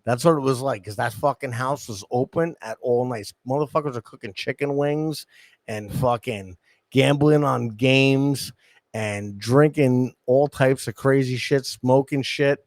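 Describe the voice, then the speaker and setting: A man's voice: medium pitch, a little slow, dry recording. A man hosting a casual chat, telling crude stories with lots of swearing. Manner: profane, animated storytelling. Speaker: podcast host.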